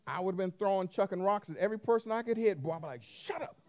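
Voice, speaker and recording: Male pastor mid-sermon, lively and expressive, drops to near-whispers then booms, quizzes his listeners. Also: very fast. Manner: animated, swings from loud to hushed, call-and-response questions.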